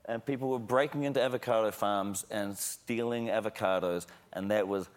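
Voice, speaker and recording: A man's voice: fairly low pitch, moderate pace. A man with a New Zealand accent, a film director guest on a late-night talk show, talking in a laid-back, jokey way with frequent chuckles.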